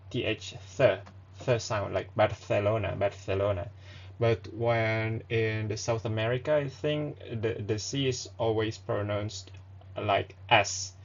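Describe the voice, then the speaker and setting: A man's voice: mid-range voice, highs cut off. A man who is not a native speaker, teaching a casual online language lesson with many hesitations and fillers. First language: not Spanish or English.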